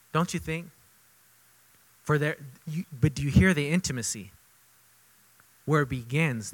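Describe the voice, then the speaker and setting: A man preaching a sermon as pastor, conversational and repetitive for emphasis, moving between loud emphatic bursts and quiet intimate asides. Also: medium pitch, low-quality recording. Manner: conversational, repeats himself for emphasis.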